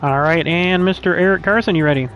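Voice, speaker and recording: A man's voice: sits high, quick pace, fairly bright tone, faint music behind, rough recording. A man hosting an online racing league, calling roll over a headset in an easygoing, joking way. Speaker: race league host. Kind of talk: casual voice chat roll call.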